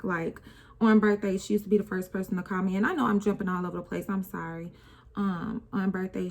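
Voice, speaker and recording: A young woman vlogger does her makeup while talking through an emotional personal story. Her medium-pitched, slightly mellow voice carries a casual, rambling, conversational delivery.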